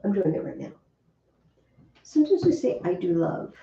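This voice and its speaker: Lady teacher quizzing her class, lively voice, far off mic in an echoey room. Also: lowish voice, normal speed, creaky. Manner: lively, chatty teacher asking the class questions. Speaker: Latin teacher. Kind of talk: classroom lesson. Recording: distant, roomy, dull classroom recording.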